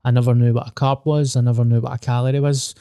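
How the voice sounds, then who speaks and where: A man's voice: medium pitch, level tone, quick pace, warm tone, no room sound, studio quality. A Scottish man hosting a podcast, chatting casually, blunt and sweary with a joking manner. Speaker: podcast host. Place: venue with a dry sound.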